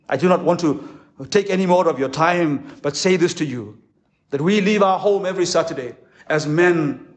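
A man preaching a conference sermon as a pastor, impassioned, with dramatic pauses. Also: fairly high pitch. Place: conference hall. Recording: echoey hall.

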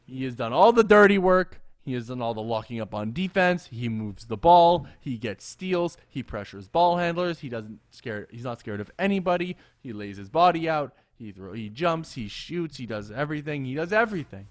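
A man co-hosting a casual sports podcast, animated and quick to laugh, often repeating himself. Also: mid-range voice, dry recording. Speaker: podcast co-host.

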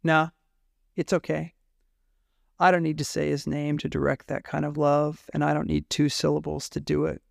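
A man voicing a warm, kindly Australian man who speaks in a tender, reassuring way. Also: a little high, little pitch movement, normal speed, vocal fry, dry recording, studio quality.

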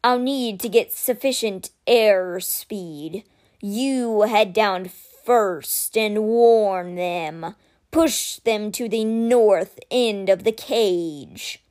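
A woman reading aloud, voicing a huge proud male stone statue of a winged cat in a slow, deliberate, dry way. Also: medium pitch, darkish tone. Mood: grave.

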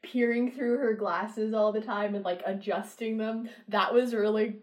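A woman's voice: fairly high pitch, moderate pace, hardly any pauses. A woman in casual conversation, chatty and laughing often, often trailing off mid-sentence. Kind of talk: casual chat.

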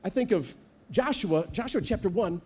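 A man preaching a sermon as a guest speaker in a church, animated and humorous, acting out little voices as he goes. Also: sits high, moderate pace, husky. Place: church sanctuary.

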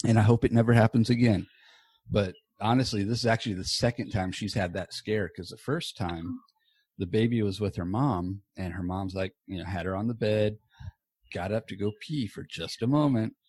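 A man hosts a podcast from a small home office, rambling in a loose, casual way and dropping the odd swear word. His voice sits a little low. The sound is dry and close, with no room echo. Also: moderate pace, darkish tone, breathy edge. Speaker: podcast host. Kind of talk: casual chat. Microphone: earbuds.

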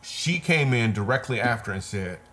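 A man's voice: medium pitch, expressive, normal speed, bright, forceful tone. A man, a comedian guest, telling a personal story in an earnest, repetitive, vivid way. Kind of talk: conversational storytelling.

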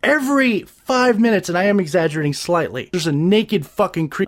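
A man with a high voice talks through his reviews in a loose, rambling way. He swears freely, stumbles over restarts, and gets animated when something annoys him. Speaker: podcast host reviewing gadgets and movies. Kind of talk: casual crude review chat.

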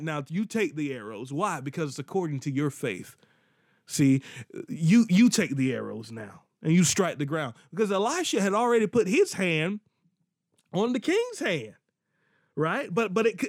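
An earnest male preacher delivers a sermon in a voice a little high for a man, doubling back on words and restarting phrases to drive his points home. The recording is dry and close, with little room sound.

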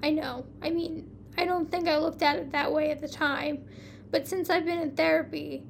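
A woman reading the lines of a tired, guarded female police detective in a weary, quiet way. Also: high voice, steady tone, moderate pace, creaky, a little hiss or hum.

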